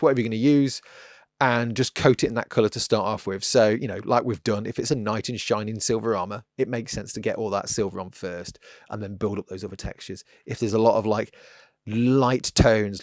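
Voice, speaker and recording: A man's voice: lowish voice, darkish tone, no room sound, studio quality. A man hosting a casual miniature painting tutorial, rambling and joking at his own expense. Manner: rambling, self-mocking and playful. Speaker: miniature painting channel host.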